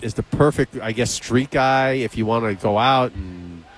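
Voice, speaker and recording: A man hosting a radio show, telling a behind-the-scenes story in casual on-air chat, animated, acting out both sides of the conversation. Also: mid-range voice, normal speed, slight background noise. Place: radio studio.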